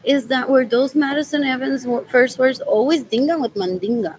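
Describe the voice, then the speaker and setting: A woman's voice: high-pitched, normal speed, a little mellow, a little hiss or hum, low-quality recording. A woman from Rico, rambling through a personal vlog while out running errands. She switches between English and Spanish and keeps repeating herself. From Puerto Rico. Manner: rambling, mixes English and Spanish, repeats "what else" over and over. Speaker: vlogger.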